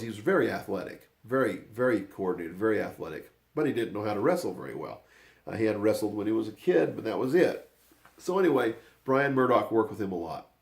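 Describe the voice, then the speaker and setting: An older man with a rough, gravelly voice pitched a little low tells a family story. He rambles and drifts off track, then pulls himself back with another "anyway". It's loose, casual storytelling. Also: sing-song, a little fast, darkish tone. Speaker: grandfather telling family stories.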